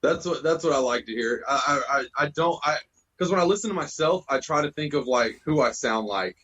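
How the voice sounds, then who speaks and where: Brief: husky-voiced male band vocalist, loose and profane podcast chat. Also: fairly high pitch, lively intonation, brisk, a bit bright, dull audio. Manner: loose, profane, says bro a lot.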